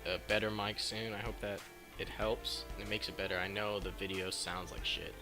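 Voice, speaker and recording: A man recapping a film casually, swearing a lot and rambling excitedly, on a cheap mic. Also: on the low side, normal speed. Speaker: film review vlogger. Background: background noise and faint music.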